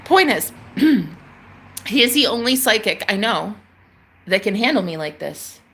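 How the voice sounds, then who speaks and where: Young woman streamer, bright sharp voice, rambling storyteller who swears and jumps from loud to hushed. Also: mid-range voice, unhurried. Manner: animated, swearing, swings between loud outbursts and hushed murmurs. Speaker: livestream host.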